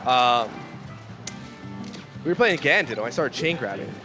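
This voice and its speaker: A man's voice: mid-range voice, expressive, moderate pace, music in the background. A man co-commentating a fighting game tournament, telling stories in a loose, profane way. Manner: profane, storytelling, loud impressions. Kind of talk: casual esports commentary.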